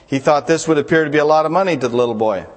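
Folksy pastor in a reverberant hall. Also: male voice, a little high, rapid-fire. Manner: folksy storytelling, reads jokes aloud. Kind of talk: sermon.

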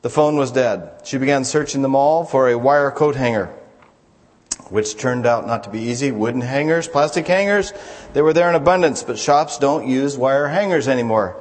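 Folksy pastor in a reverberant hall. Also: male voice, mid-range voice, moderate pace. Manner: folksy storytelling, reads jokes aloud. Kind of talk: sermon.

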